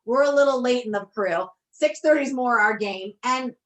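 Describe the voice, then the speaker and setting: A woman's voice: a little high, moderate pace, fairly bright tone. Gushing woman coach on a team call. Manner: effusive, gushing, repeats herself. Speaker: business coach.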